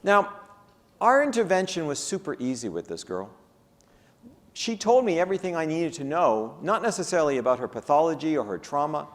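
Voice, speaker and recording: A man giving a conference keynote, telling case stories and acting out the people in them. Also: on the high side. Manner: animated, acts out the people in his stories. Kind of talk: lecture with storytelling. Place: conference hall. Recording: long reverb of a lecture hall.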